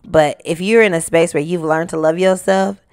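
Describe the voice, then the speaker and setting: A young woman hosting her own podcast, talking straight to the listener in an animated, casual way and now and then singing a line. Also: fairly low pitch, normal speed, smooth. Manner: animated, talks to listener directly, sings snippets. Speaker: podcast host. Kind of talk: casual solo podcast talk.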